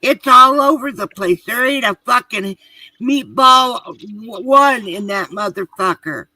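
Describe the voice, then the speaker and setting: A speaker on a live radio chat who talks slowly and sounds exasperated, swearing freely. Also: mid-range voice, pushed and bright, dry recording, low-quality recording.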